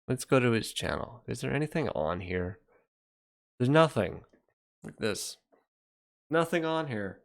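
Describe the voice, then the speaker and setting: A man's voice: medium pitch, sing-song, measured pace, vocal fry, pauses often. A young man hosting a casual livestream, chatting loosely and reacting to viewer comments as he rambles. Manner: rambling, reacts to chat, trails off. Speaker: livestream host reading chat.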